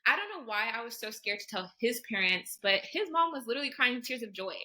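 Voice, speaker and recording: Young woman in her 20s spilling a story on a podcast, quick talker, says like constantly, bright voice. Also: on the high side, low-quality recording. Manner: animated, heavy use of "like", acts out quoted voices. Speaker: podcast guest. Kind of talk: casual storytelling chat.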